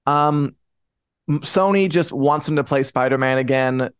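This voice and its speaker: A man's voice: mid-range voice, measured pace, clear, resonant tone, dry recording, clean studio sound. A man co-hosting a pop culture podcast, talking casually with blunt, wry humor. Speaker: podcast co-host. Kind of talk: casual chat.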